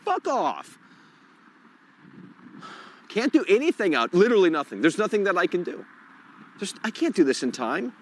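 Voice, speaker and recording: A man's voice: high-pitched, big pitch swings, normal speed, pauses often. A man hosting a live call-in stream outdoors, swearing and muttering in frustration as he fixes his tech. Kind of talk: live-stream rant while fixing tech.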